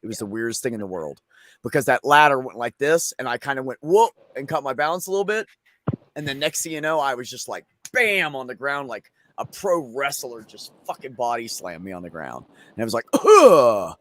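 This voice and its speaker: A man's voice: medium pitch, animated, fairly quick, pushed and bright, no echo. A man hosting a casual chat, telling a long story in a rambling, profane way. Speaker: streamer host.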